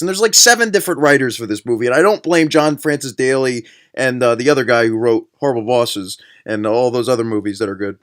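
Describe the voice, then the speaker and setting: A man's voice: fairly high pitch, expressive, a little fast, fairly bright tone. A young man giving a comedic movie-review rant, sarcastic, profane and exasperated. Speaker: film reviewer.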